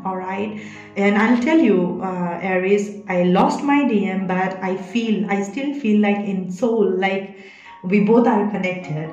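A woman reads tarot in a soft, consoling way, pausing often and filling gaps with little sounds as she holds back her emotions. Her voice sits at a middle pitch. It comes through a roomy, slightly dull lo-fi recording. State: emotional, holding back tears. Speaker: tarot reader. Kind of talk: spiritual tarot reading.

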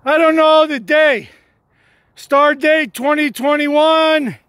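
A man rambling in an excitable way, with sudden shouts and whoops, while walking up a hill outdoors and recording on a phone. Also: very high voice, slow. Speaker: vlogger.

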